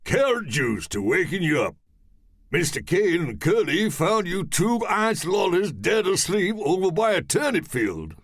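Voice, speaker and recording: Man doing a slow, jolly ice cream man. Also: high voice, big pitch swings, dry recording, clean studio sound, pitched above the performer's own voice, exaggerated voice. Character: muscular blue ice cream parlour owner.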